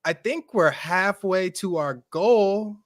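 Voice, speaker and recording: A man hosting a casual gaming podcast, energetic and talking straight to his viewers. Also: high-pitched, slow pace. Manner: energetic, hype, calls out to viewers. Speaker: podcast host.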